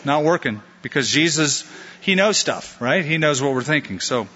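Lively, conversational male pastor preaching. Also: fairly high pitch, normal speed, in a large hall, lo-fi sound, slight background noise. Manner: conversational, acts out disciples' lines with playful put-on voices. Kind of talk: expository sermon.

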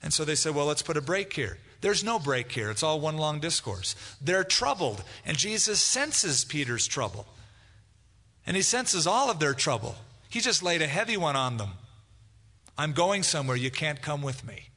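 Bright-voiced preacher in a reverberant hall. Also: male voice, a little high, big pitch swings, normal speed. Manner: conversational preaching, acts out quoted dialogue. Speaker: pastor. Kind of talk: expository sermon.

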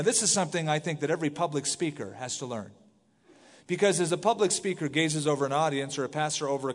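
Higher-pitched man preaching in a reverberant sanctuary. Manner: conversational, animated, reads scripture aloud with asides. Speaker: pastor. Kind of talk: verse-by-verse sermon. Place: church sanctuary. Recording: long hall reverb from the sanctuary.

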